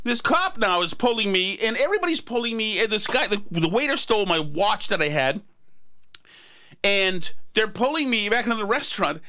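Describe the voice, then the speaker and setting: A man's voice: high-pitched, bright, forceful tone. A man in his forties hosting a podcast who tells a story in a rambling, self-deprecating way. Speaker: podcast host. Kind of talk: casual storytelling chat.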